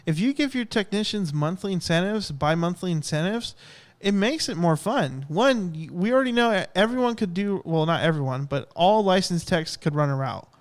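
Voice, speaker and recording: A young man co-hosting a podcast, telling rambling, animated stories in casual chat. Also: sits high, normal speed, few pauses. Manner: rambling, animated storytelling with acted-out quotes. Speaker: podcast co-host.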